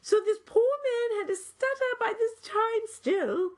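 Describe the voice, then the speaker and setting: A woman improvising a comedy chat in character, telling stories in an excitable, theatrical way with sudden squeals. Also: very high-pitched, measured pace. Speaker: comic co-host in character.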